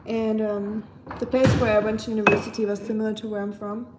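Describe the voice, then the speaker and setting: A woman's voice: mid-range voice, level tone, fast, heavy background noise. A woman with a German accent chatting casually on a live stream and answering viewer comments as she goes, talking from her home kitchen.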